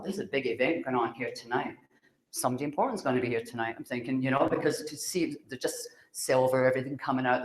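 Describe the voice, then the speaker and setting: A middle-aged woman from Scotland, a spiritual speaker who tells stories to a live audience. She acts out the dialogue in her stories and laughs often. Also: extremely low pitch. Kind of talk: storytelling talk to a live audience. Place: room with an audience. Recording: roomy, echoey hall sound.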